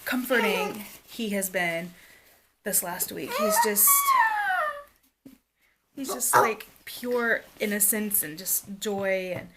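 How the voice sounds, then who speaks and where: A woman in her thirties chatting candidly to the camera at home, soft and rambling with lots of fillers, sometimes dropping to a near-whisper. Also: medium pitch, slow pace, long pauses, noisy background. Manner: drops to a hushed near-whisper at times. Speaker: family vlogger, mother. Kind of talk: casual to-camera vlog chat. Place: home, indoors.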